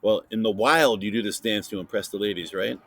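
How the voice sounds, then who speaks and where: A man hosting a casual science podcast for kids, playfully interviewing a silent guest and filling pauses with chatter. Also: on the low side, a bit bright, slightly rough, dry recording. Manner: chatty with many fillers. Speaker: podcast host.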